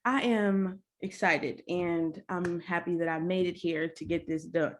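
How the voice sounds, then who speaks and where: A young woman hosting a casual podcast interview, bubbly, chatty and openly nervous and excited. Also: fairly low pitch, unhurried. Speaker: podcast host.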